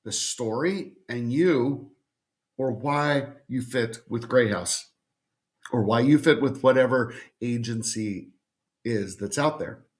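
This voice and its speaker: A man's voice: mid-range voice, takes it slowly. A middle-aged man, a literary agent, giving emphatic and repetitive advice straight to the viewer in an educational talk. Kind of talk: direct-to-camera educational talk.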